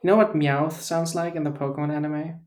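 A man co-hosting a casual podcast chat, teasing and deadpan, acting as if he believes none of it. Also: fairly high pitch, brisk. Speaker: podcast co-host.

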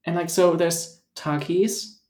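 A man co-hosting a podcast in relaxed casual chat, teasing and using many fillers. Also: fairly high pitch, slow, reverberant. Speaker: podcast co-host.

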